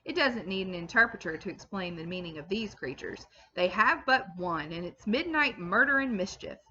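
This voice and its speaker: A woman's voice: medium pitch, lively intonation, moderate pace, dull audio, slight background noise. A woman reading aloud and voicing an outspoken, fussy older Englishwoman, a loyal servant who speaks emphatically and scolds freely. She sounds like a teacher reading a classic novel to a class. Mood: emphatic. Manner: emphatic and loud, scolding and opinionated.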